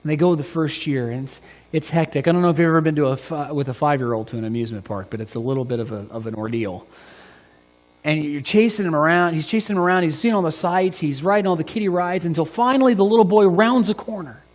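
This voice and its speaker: A male pastor delivering a sermon with animated storytelling, dropping from loud emphasis to near-hushed asides. His voice sits fairly high, and the hall adds a long reverb. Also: fast.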